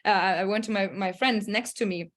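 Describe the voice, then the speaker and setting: A woman talks over a video call in a casual, motivational way, earnest and animated. She tells her story with many fillers and restarts, and she acts out her own past thoughts. Her voice sits at a middling pitch. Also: normal speed. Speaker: speaker sharing a personal story on a group call. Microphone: group video call.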